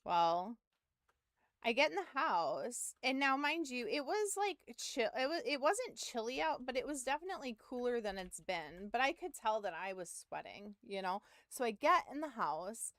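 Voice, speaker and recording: A woman's voice: on the high side, very animated, moderate pace, fairly bright tone, no echo, clean studio sound. A woman streamer rambling through a story to her chat in casual talk, with lots of filler and some swearing. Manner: rambling, full of "like", swearing, self-mocking.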